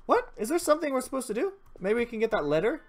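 Racing along in a high-leaning, sing-song voice, a let's play gamer chats casually through a horror adventure game. Her commentary is playful, with jokes and giggly asides.

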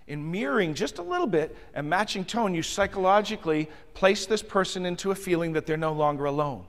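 High-pitched and fairly bright, with big-room sound, a hospitality communication trainer delivers a motivational seminar on communication. Speaking straight to the audience in a large function room, he tells his stories expressively.

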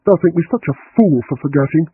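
A man reading an audiobook, voicing a sharp-tongued middle-aged woman detective in a blunt, snappish manner. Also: fairly high pitch, fast talker, slightly rough, voice pushed up. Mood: brusque. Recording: tinny phone-like line.

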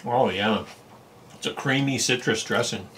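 At home in Japan, a Californian food vlogger with a medium, slightly bright voice talks through his meal at a measured pace, with a little hiss or hum in the audio. He's chatty and savors each bite with plenty of pleased "mm"s and "oh"s.

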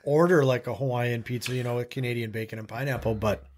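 A man's voice: medium pitch, fairly even intonation, quick pace. A man co-hosting a casual podcast chat, wry and self-deprecating. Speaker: podcast co-host.

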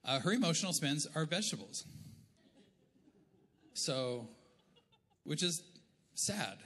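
A middle-aged Canadian pastor preaches in a loose, joking, conversational way, his fairly high voice bright and forceful. The sound carries the long reverb of a large church hall. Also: very animated, slow. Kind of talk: sermon. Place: church auditorium.

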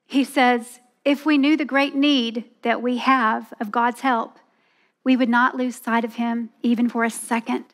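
A woman's voice: fairly high pitch, little pitch movement, measured pace. A woman giving a sermon at a women's church event, earnest and telling a personal story. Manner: earnest, storytelling, acts out voices with laughs.

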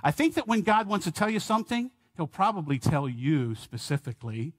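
Man, middle-aged pastor, sermon, earnest and emphatic, slightly high voice. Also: animated, a little fast. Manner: earnest, emphatic preaching with rhetorical questions. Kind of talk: expository sermon.

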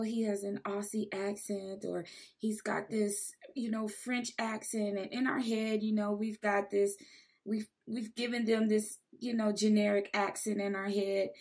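A woman hosting a casual podcast interview. She talks in a chatty, enthusiastic way and laughs along easily. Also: mid-range voice. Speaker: podcast host.

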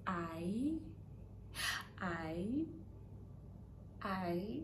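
A young South African woman vlogging in a casual, heartfelt way, chatty and emotional with hesitant pauses. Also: fairly low pitch, expressive, noisy background. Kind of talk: casual personal vlog. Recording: roomy echo with clear background ambience.

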